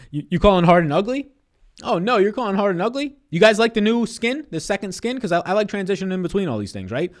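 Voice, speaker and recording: A man in his twenties on a casual live stream, giving fantasy basketball picks and answering chat in a loose, profane way. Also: on the high side. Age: 20s.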